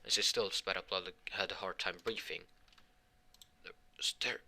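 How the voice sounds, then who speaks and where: Man, improvised storyteller; halting, rambling delivery, very bright, tense tone. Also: deep voice, steady tone, vocal fry. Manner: voices the characters' lines in his own voice. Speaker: fan fiction storyteller. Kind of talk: improvised fan fiction storytelling.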